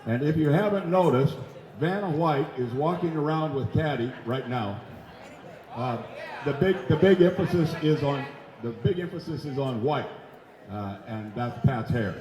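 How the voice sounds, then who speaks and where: A man working as auctioneer at a live charity auction, calling bids in a rapid rhythmic chant and joking with the crowd. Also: medium pitch, darkish tone. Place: large event center stage. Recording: echoey hall, dull live broadcast audio.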